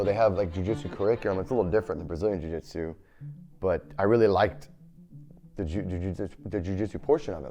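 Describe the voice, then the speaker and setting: A man, a jiu-jitsu black belt, telling a story in a casual, animated way, acting out quotes and often restarting his sentences. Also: lowish voice. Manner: animated, acts out quoted speech; lots of repeated words and restarts.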